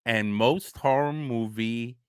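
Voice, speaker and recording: A man's voice: mid-range voice, slow, clean tone, dry recording, clean studio sound. A man hosting a casual spoiler chat about a horror movie. He acts out scenes, laughs often and answers a live chat. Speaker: horror show host.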